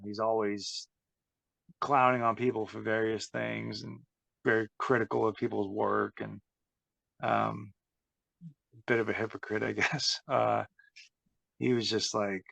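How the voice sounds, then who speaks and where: A man, a former pro wrestler, telling backstage stories in a chatty, animated way on an interview podcast. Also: on the low side, a little slow, gravelly, long pauses, no echo. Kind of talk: casual interview storytelling.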